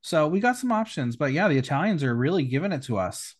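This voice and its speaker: A man's voice: fairly high pitch, sing-song, fast. A man hosting a recap podcast, reading a script in a sassy, teasing way and bantering with his guest. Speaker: podcast host.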